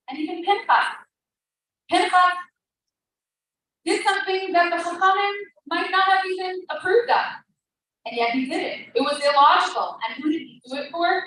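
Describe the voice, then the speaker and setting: A woman with a high, bright voice delivers an impassioned inspirational talk, leaning hard on repeated phrases. Her voice rings through a very echoey room, picked up from well off the mic with a faint hiss behind. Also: distant mic. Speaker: speaker at a women's event.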